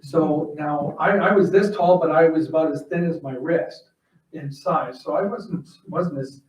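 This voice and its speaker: A man's voice: fairly high pitch, measured pace, a little mellow. Guy giving a eulogy at a funeral, plain heartfelt storytelling, mic kinda far off in an echoey chapel. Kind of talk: personal eulogy and prayer.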